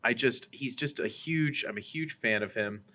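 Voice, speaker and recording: A man's voice: medium pitch, normal speed, pushed and bright, slight background noise. A man hosting a casual podcast, talking enthusiastically and rambling about films. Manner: enthusiastic, rambling film talk. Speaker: podcast host. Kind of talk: casual chat. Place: Las Vegas.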